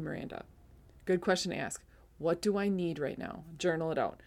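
A middle-aged woman with a low voice gives an earnest faith testimony on her podcast. She sounds teary-eyed and emotional, and now and then she laughs at herself. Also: normal speed, a little mellow. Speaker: podcast host.

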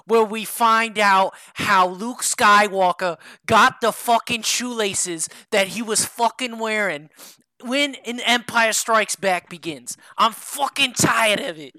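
Man doing a raging foul-mouthed jersey-accented woman, high and loud, crisp bright tone, dry sound. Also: takes it slowly, dry recording, exaggerated voice, rough recording. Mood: ranting. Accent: put-on New Jersey. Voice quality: loud, swearing, shouty. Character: furious woman ranting, crude exaggerated Jersey voice.

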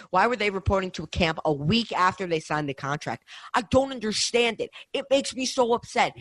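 A man's voice: on the high side, a bit bright, no room sound. A young man co-hosting a casual sports podcast, ranting with heat and repeating himself. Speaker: podcast co-host.

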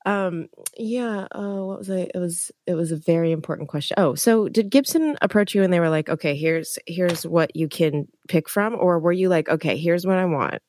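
A woman hosting a podcast, asking questions in a relaxed, curious way with a few ums. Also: lowish voice, moderate pace, few pauses, no room sound. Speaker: podcast host. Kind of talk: casual interview chat.

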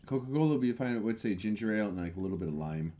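A man co-hosting a casual podcast while drinking, tipsy, emphatic and profane, getting excitable as he argues. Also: on the low side, very fast. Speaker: podcast co-host. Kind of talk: casual drinking-show banter.

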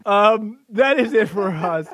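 A man's voice: sits high, lively intonation, slow, noisy background. A man hosting a podcast, chatting in a brash, profane way and laughing often. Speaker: podcast host. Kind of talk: casual profane comedic chat.

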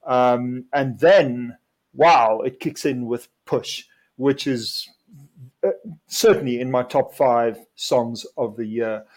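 A man's voice: mid-range voice, a little mellow. A man co-hosting a podcast, casually reviewing an album with enthusiasm and a few fillers. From South Africa. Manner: enthusiastic, measured delivery with fillers. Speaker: podcast co-host.

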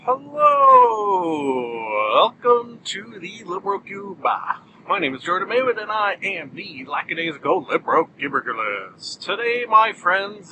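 A man's voice: sits high, sing-song, unhurried, sharp tone, slight background noise, low-quality recording. A man hosting a solo podcast in a jokey, self-mocking way with bursts of mock outrage. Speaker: podcast host.

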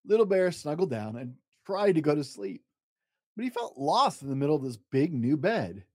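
A man hosting a storytime show, reading a children's picture book aloud with dramatic pauses. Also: no echo, studio quality. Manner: expressive, dramatic pauses, lively pitch. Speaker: storytime podcast host and reader. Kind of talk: bedtime story read-aloud.

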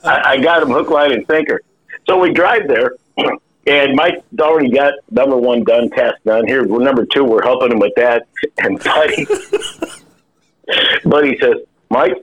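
A man's voice: medium pitch, a little slow, pauses often, fairly bright tone, rough recording. A man telling a funny story in casual podcast chat, laughing often and repeating his words as he goes. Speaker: podcast guest.

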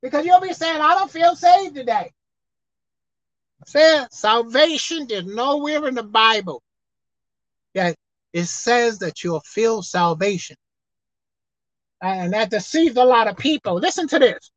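High-voiced woman preaching emphatically. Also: expressive, measured pace, pauses often, no echo. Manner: emphatic preaching that swings between loud outbursts and quiet asides. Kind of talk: sermon. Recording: dull lo-fi dry sound.

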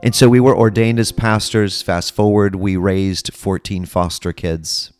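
A middle-aged man, a pastor and podcast host, earnestly telling his personal testimony with dramatic pauses. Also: low-pitched, steady tone, darkish tone, clear, resonant tone, no echo, clean studio sound, faint music behind.

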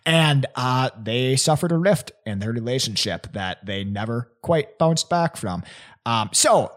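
A young man telling a story in casual chat, animated and laughing often, with many "like" fillers. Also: medium pitch, measured pace. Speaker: podcast guest presenting a theory.

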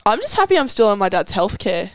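A teenage Australian girl chatting casually as a podcast host, rambling and giggly. Her voice is smooth and clear, recorded close and dry with no room sound. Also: medium pitch, big pitch swings, fast, no room sound. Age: teens. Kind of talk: casual chat.

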